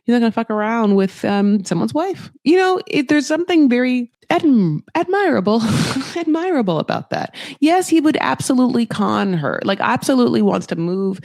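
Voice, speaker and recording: A woman's voice: on the high side, sing-song, moderate pace, vocal fry, darkish tone, dry recording, studio quality. A woman hosting a podcast, recapping reality TV in a chatty, gossipy way, full of asides and quoted voices. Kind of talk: casual chat.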